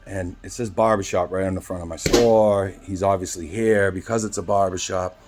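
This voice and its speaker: A barber with a low voice tells a story at normal speed in a steady tone, with music playing underneath. He rambles casually, keeps asking "right?", and acts out both sides of the exchange.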